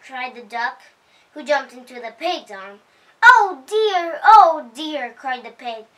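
A woman reads a children's picture book aloud at a slow, careful pace. Her voice is high and bright. She sits a little back from the mic. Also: recorded from a distance, low-quality recording. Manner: slow, expressive reading with voiced character lines. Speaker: storyteller host.

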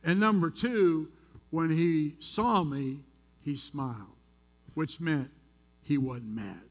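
Male pastor from the US, high-pitched, candid, conversational sermon delivery in a church. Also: takes it slowly. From United States. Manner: conversational storytelling, candid and self-deprecating. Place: church sanctuary.

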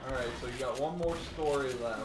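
A man's voice: mid-range voice, quick pace. Teasing male gaming host, echoey and distant. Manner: teasing, prompting interjections. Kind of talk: casual banter over gameplay. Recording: roomy, distant, noisy room recording.

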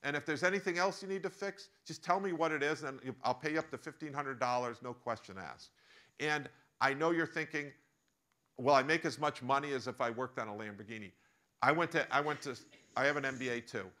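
A man's voice: medium pitch, a little fast, pushed and bright, natural voice. A man doing an eager, chatty businesswoman. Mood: persuasive. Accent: American. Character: upbeat woman, former consultant and mother.

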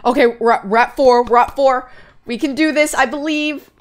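A woman hosting a let's-play video, talking excitedly and yelping when scared, into a close gaming mic. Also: sits high. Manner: excitable, jumps from scared yelps to quick chatter.

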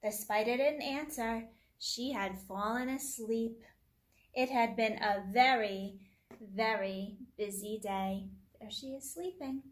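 A woman's voice: on the high side, slow pace. A woman hosting story time for young children, reading a picture book aloud in a sing-song teacher voice and making the animal sounds.

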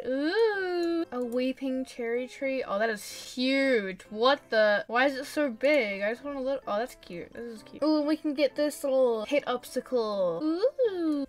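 Chatty, excitable woman gaming. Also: sits high. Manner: chatty, excitable, talks to the pets on screen. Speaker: gameplay commentator. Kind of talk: casual let's-play commentary.

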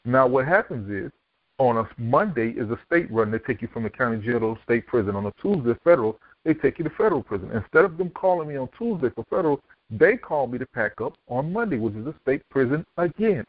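Brisk male guest storyteller, fast delivery over a phone-quality line. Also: mid-range voice, expressive, no echo. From Miami, Florida. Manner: vivid storyteller who acts out quoted dialogue. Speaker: podcast guest, author and speaker. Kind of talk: telling his life story in an interview. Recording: dry, tinny phone-like line.

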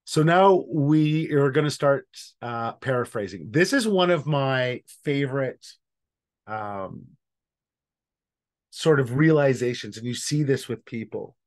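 A man's voice: medium pitch, lively intonation, slow. Man leading an online training session. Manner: casual, thinking aloud with fillers and restarts.

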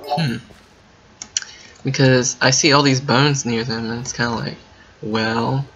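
A man commenting while playing a game, thinking out loud and breaking into excited yelps and gasps. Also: mid-range voice, slow, a little hiss or hum. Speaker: gaming video creator. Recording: muffled lo-fi mic with faint keyboard typing.

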